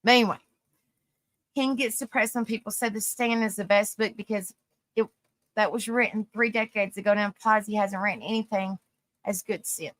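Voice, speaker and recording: A woman's voice: mid-range voice, steady tone, moderate pace, dry recording. Southern woman reading facts on a livestream. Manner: reads facts aloud, stumbles over words, thanks viewers warmly. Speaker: host.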